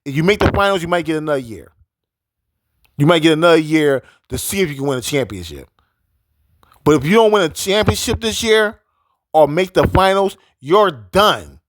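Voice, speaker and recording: Male sports commentator, fairly high voice, repetitive and emphatic rant, dry close sound. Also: animated, moderate pace, no echo. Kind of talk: casual sports opinion rant.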